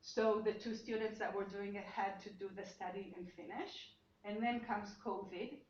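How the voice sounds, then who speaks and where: A woman's voice: medium pitch, steady tone, moderate pace. Woman, seminar lecturer, explanatory, restarts as she thinks, echoey room, dull muffled sound. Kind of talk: academic seminar talk.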